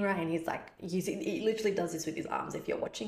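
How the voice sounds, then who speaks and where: Aussie woman host, 30s, casual advice talk, low-ish fried voice, roomy sound. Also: steady tone, quick pace, gravelly, hardly any pauses, darkish tone. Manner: chatty, many "like" fillers, acts out parent-child exchanges. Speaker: podcast host answering a listener question.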